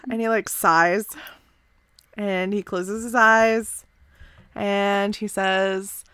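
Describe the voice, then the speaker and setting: Slow-talking bright-voiced woman game master. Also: medium pitch, smooth, no echo. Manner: relaxed, filler-heavy, giggly. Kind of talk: narrating a tabletop game.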